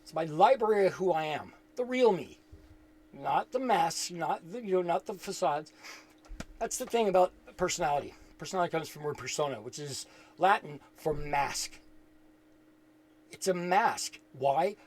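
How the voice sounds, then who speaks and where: Male spiritual speaker, slightly high voice, casual and rambling, earnest, stumbles and repeats while thinking aloud. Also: lively intonation, moderate pace. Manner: earnest and reflective. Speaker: spiritual teacher.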